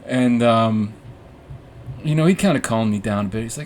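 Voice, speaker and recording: A man's voice: mid-range voice, moderate pace, a little mellow, a little hiss or hum. A young man hosting a casual podcast, telling a long personal story in a rambling, profane, self-mocking way, full of restarts and fillers. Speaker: podcast host. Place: room with warm orange lighting.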